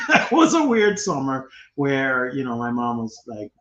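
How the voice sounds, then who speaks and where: Here a man with a mid-range voice talks a little slowly as he co-hosts a relaxed podcast. He's an animated storyteller who laughs a lot, captured in an echoey room with dull, lo-fi audio.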